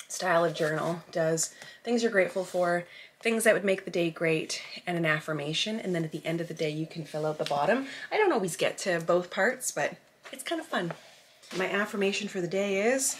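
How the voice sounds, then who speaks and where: A woman's voice: fairly low pitch, expressive, normal speed, slight background noise. A woman, a mom vlogging at home in easy casual chat that is full of "like". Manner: chatty, peppered with "like".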